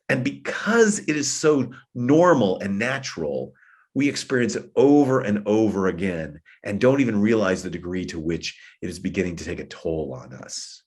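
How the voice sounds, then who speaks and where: A man's voice: on the low side, expressive, moderate pace. A man giving a sermon-style plenary talk to church leaders, telling stories and acting out the voices of the people he quotes. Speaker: guest speaker at a church meeting.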